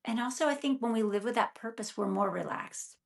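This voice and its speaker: A middle-aged woman who practices acupuncture, talking as a guest in a chatty, animated way and acting out her inner thoughts as quick quotes. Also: fairly high pitch, creaky. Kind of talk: casual conversational interview.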